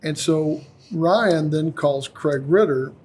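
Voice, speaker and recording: This company CEO and podcast host speaks slowly in a fairly high voice, with a little background noise. He chats casually on his podcast, animatedly telling a story and acting out the lines of the people in it.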